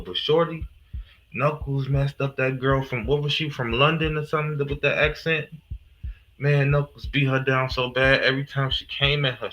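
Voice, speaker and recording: Forceful, profane male reaction streamer. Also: fairly low pitch, poor audio. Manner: profane, slangy, emphatic. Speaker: live reaction streamer host. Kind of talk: casual live reaction commentary.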